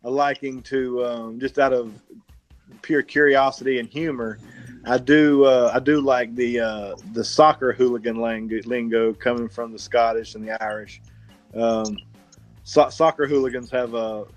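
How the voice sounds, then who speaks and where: A man's voice: medium pitch, fairly even intonation, a little slow, dull audio, faint music behind. Hesitant Southern man co-hosting a podcast. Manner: hesitant, many fillers and restarts. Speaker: podcast co-host. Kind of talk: casual chat.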